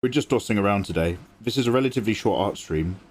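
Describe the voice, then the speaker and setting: A man's voice: on the low side, lively intonation, fast talker, darkish tone. A young man, chatting casually with viewers and explaining his drawing as he works on a livestream. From England. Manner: chatty, reads and answers chat, explains as he works. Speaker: livestream artist.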